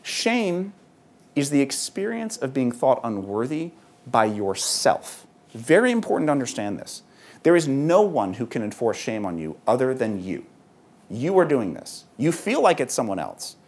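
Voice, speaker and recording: Man, public talk to parents, conversational, husky voice, very animated pitch. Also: moderate pace. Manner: lively, conversational, frequent ums. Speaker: author and speaker at a parents' event. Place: event hall.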